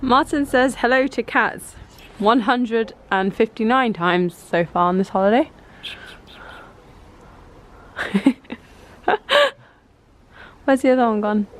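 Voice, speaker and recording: Bubbly British woman, fairly high voice. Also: takes it slowly, long pauses. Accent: British English. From Britain. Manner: bubbly, gushing, chatty tour-guide talk. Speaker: vlogger. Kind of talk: travel vlog chat.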